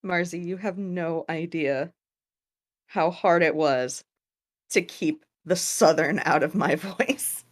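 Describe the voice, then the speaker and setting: A woman's voice: lowish voice, slow. A woman game master chatting casually with players, laughing often and swearing freely. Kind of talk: casual chat after a tabletop game.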